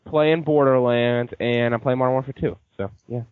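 A man's voice: mid-range voice, fairly even intonation, normal speed, smooth, narrow, tinny audio. A man on a casual gaming podcast, easygoing and rambling as he shares his views. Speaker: podcast co-host. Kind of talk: casual group podcast chat.

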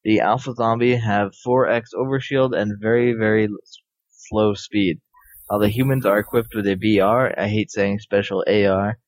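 A man's voice: lowish voice, steady tone, moderate pace, no echo, poor audio. A young man co-hosting a gaming podcast, reading listener mail with a hesitant, stumbling delivery. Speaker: podcast co-host. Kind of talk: casual chat, reading listener emails.

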